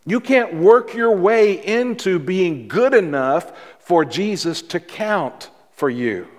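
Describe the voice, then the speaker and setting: A man pastor preaching a sermon in a church, with dramatic pauses and repeated words for emphasis. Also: high voice, lively intonation, big-room sound. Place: church sanctuary.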